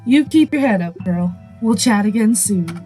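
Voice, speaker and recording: A woman's voice: mid-range voice, lively intonation, moderate pace, dark tone, soft background music, natural voice, rough recording. A woman voicing an older rancher woman who talks in a homespun way, full of folksy sayings.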